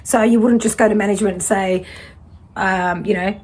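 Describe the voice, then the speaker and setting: Breathy woman reading tarot. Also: mid-range voice, fairly even intonation, fairly quick, darkish tone. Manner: fiery, direct, blurting. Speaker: tarot reader. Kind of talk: casual spiritual tarot reading.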